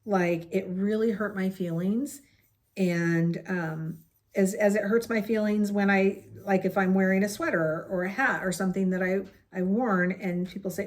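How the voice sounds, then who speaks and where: With a medium-pitched, steady voice at a moderate pace, a crochet vlogger in her late fifties rambles through a personal anecdote. She keeps it chatty and casual, sprinkling in many fillers and asides.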